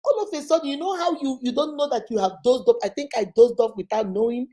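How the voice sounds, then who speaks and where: A middle-aged woman, hosting a show and telling family stories in a lively, exclaiming way. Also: high voice, fast, a little hiss or hum. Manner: animated, exclaiming, laughing often. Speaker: host. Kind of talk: casual storytelling chat.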